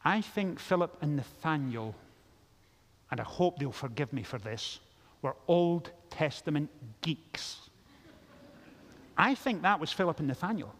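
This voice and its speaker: A man preaching a sermon as pastor, telling the story in a lively way and acting out the characters' lines. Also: a little high, unhurried, long pauses. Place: large church. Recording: long church reverb.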